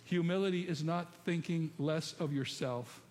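A man's voice: fairly high pitch, normal speed, a little mellow. A man preaching a sermon and telling stories, often putting questions to his congregation. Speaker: pastor. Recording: long hall reverb, faint ambience.

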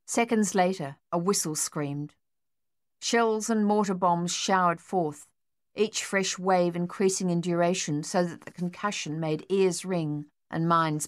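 Woman narrating an audiobook, lowish voice. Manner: measured, even reading. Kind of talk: scripted narration.

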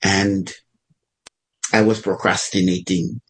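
A man delivers a sermon in a low, slightly husky voice. He preaches with animation, jumping up in pitch when he acts out what people say in prayer. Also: level tone, takes it slowly, poor audio.

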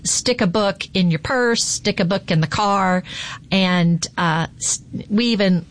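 A woman talking in a relaxed, chatty way as a podcast co-host. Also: medium pitch, unhurried. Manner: relaxed, chatty, laughs easily. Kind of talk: casual chat.

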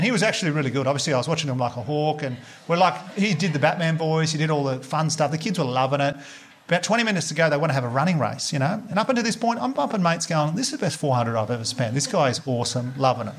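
Man, Australian accent, 30s, stand-up comedian, swearing, laughing storytelling, somewhat high voice, noisy recording. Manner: lively, swearing, laughing through punchlines, quoting people in raised voices.

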